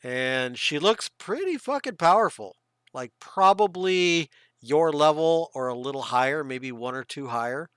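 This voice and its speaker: A man's voice: on the high side, animated, unhurried, a bit bright, clear, resonant tone, no room sound, clean studio sound. A man narrating as game master in a casual, rambling way with fillers.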